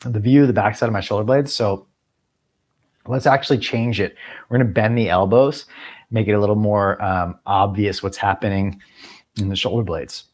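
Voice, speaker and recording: A man teaching a yoga class, cueing breaths and movements in a relaxed way, now and then clearing his throat. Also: on the low side, normal speed. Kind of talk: guided yoga class instruction.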